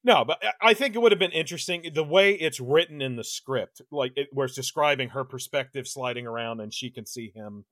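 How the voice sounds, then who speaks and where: A man co-hosts a horror film podcast, his mid-range, slightly bright voice moving briskly with hardly any pauses. He chats loosely and animatedly about movies, laughing along and restarting sentences, with no room sound in the recording.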